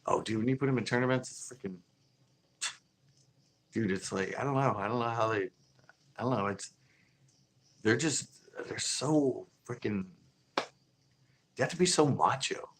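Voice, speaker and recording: A man's voice: mid-range voice, moderate pace, long pauses, a little hiss or hum, rough recording. A man casually telling stories from his fishing tournaments, laid-back and often laughing as he acts out other people's lines. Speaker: fishing channel host. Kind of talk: casual storytelling.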